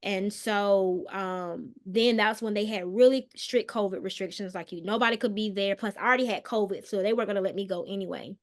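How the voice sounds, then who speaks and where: Brief: woman guest, mid-pitched, earnest and halting, lots of "um"s, goes quiet on hard moments. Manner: earnest, hesitant, many "um"s and restarts; soft and subdued on painful details. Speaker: guest, mental health counselor. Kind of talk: personal storytelling in a podcast interview.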